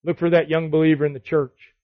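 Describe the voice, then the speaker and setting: A man's voice: on the high side, little pitch movement, fast, no room sound, phone-quality sound. A man teaching a Bible study to other men, exhorting them with repeated commands and rhetorical questions. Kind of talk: sermon.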